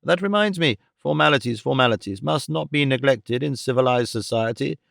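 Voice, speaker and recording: A man voicing a pompous, flattering gentleman visitor who talks in grand, theatrical, overly formal phrases. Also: medium pitch, a little fast, creaky, no echo, studio quality. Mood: unctuous.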